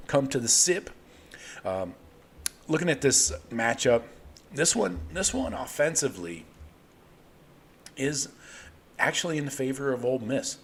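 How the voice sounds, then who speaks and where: A man's voice: on the low side, slight background noise. A man hosting a live sports show, talking casually and rambling through picks with loose, profane asides. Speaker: host. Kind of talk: casual sports betting talk.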